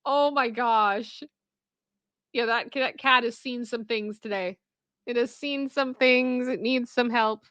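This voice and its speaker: A woman hosting casual reaction commentary, chatty and expressive and quick to laugh. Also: on the high side, smooth, no room sound. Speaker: pop culture reaction host.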